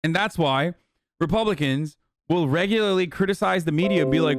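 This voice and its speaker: A male streamer rants about politics in a heated, profane and rambling way. His voice sits a little high. The sound is dry and close, with no room echo. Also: brisk. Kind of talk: livestream commentary reacting to chat.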